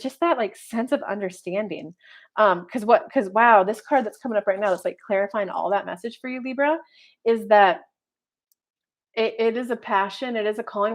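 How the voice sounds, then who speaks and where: A woman life coach and tarot reader talking casually to viewers in a rambling, chatty way with many filler words. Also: mid-range voice. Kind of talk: casual horoscope video monologue.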